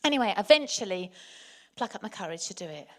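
A woman from England telling a personal story in a chatty, animated way, often turning to address her listeners directly. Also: lowish voice, a little fast. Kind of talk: anecdotal storytelling.

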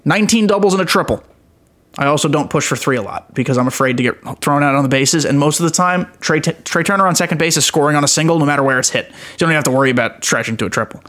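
A young man hosts a casual gaming podcast in a voice pitched a little high. He rambles, pokes fun at himself, and sounds enthusiastic throughout. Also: fairly bright tone. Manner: rambling, self-mocking, enthusiastic. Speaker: podcast host.

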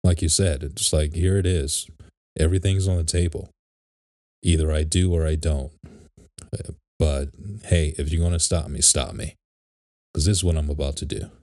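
A man with an extremely deep, dark voice speaks in a flat, even way, earnest and reflective in casual conversation. The sound is dry and close. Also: moderate pace, dry recording. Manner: earnest, reflective, talks about faith and honesty. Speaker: podcast co-host. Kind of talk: casual chat.

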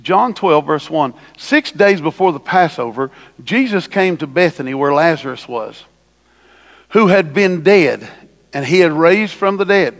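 A male pastor preaching a sermon, swinging from hushed asides to loud, lively emphasis. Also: a little high, a little slow, big-room sound. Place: church sanctuary.

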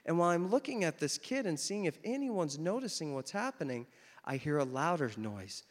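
A man preaching a sermon, telling a story with animated emphasis, then leading communion. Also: fairly high pitch, moderate pace. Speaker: pastor. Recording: long hall reverb.

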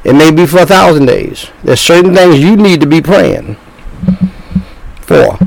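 A man's voice: a little high, expressive, a little slow, gravelly, low-quality recording. An older man in his sixties preaching a sermon as a pastor, talking in bursts with repeated words and restarts.

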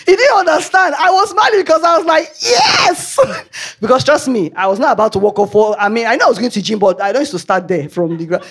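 A woman's voice: on the high side, slightly rough. A woman with a Nigerian accent preaching a sermon, telling chatty anecdotes and laughing along the way. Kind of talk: storytelling sermon.

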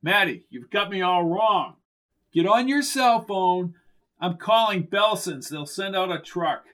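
A man voicing a calm, patient handyman in an audiobook, speaking in a matter-of-fact, reassuring way. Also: sits high, a little slow, pitched above the performer's own voice.

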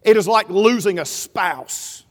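High-voiced preacher in echoing hall. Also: male voice, slow pace. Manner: storytelling preacher, builds to shouting. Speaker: pastor. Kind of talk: sermon. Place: church sanctuary. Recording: reverberant hall.

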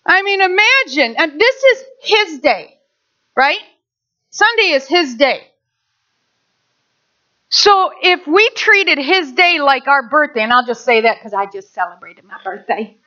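A middle-aged woman pastor preaching a sermon, animated, with asides and rhetorical questions. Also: high voice, measured pace. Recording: dull lo-fi recording.

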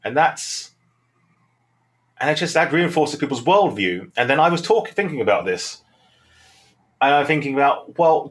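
A man with a Southern English accent and a mid-range voice, an improv teacher, thinks aloud in a reflective, rambling interview answer.

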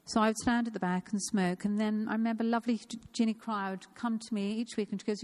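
A woman's voice: mid-range voice, fairly even intonation, fast talker, a little mellow. A woman of fifty giving an informal, personal sermon in a church, earnest and repeating phrases for emphasis. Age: 50s. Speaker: church speaker.

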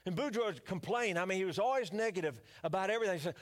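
Older man, pastor, Louisiana accent, high voice, folksy sermon. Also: very fast, hardly any pauses. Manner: folksy, joking storyteller.

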